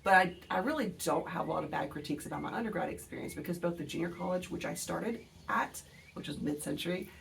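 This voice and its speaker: A woman's voice: on the low side, quick pace, vocal fry, recorded from a distance, a little hiss or hum. A woman in her forties with an Alabama accent, hosting a casual book video; she rambles, digresses and swears freely while talking straight to her viewers.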